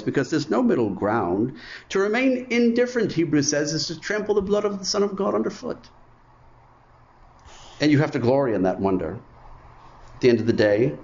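Emphatic male preacher, muffled recording. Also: medium pitch. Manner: emphatic, repeats phrases for effect. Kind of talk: sermon.

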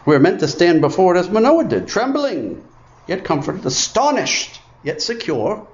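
Male preacher, animated pitch swings, emphatic repetition; dull lo-fi church recording. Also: normal speed. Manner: emphatic, repeats phrases for effect. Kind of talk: sermon. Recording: muffled, lo-fi sermon recording.

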